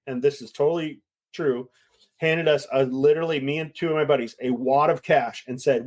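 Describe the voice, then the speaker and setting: A middle-aged man, a winemaker, chatting casually and telling a lively story, acting out the voices of the people in it. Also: mid-range voice, moderate pace. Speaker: winemaker guest. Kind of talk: casual chat.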